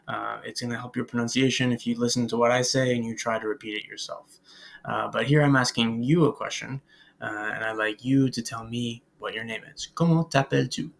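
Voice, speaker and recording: Gravelly-voiced man teaching a French class. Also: medium pitch, steady tone, fairly quick, a bit bright. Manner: patient, many filler "uh"s and "um"s; switches into careful French pronunciation models. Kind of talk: recorded slide lecture.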